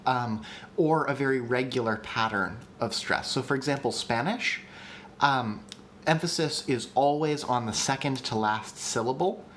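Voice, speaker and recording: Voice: medium pitch, a bit bright, a little hiss or hum. A livestream host teaching language creation in a chatty, enthusiastic way, with frequent ums and restarts. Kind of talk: casual livestream lesson.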